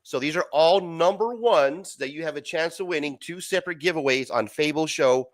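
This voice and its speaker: A man co-hosting a casual comic book stream, loose and excitable, swearing freely as he shows off issues over a video call. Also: a little high, moderate pace. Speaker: co-host showing comic books.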